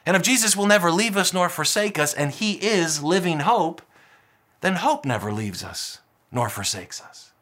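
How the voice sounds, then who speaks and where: A man's voice: sits high, sharp tone. A male pastor preaching a sermon in an emphatic, rousing, repetitive manner.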